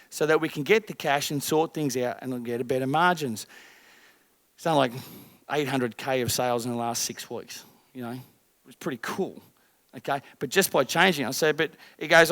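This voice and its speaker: A man's voice: on the high side, no room sound, clean studio sound. A man coaching a group of business owners, blunt and swearing, firing rhetorical questions. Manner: energetic, rising loud at the end.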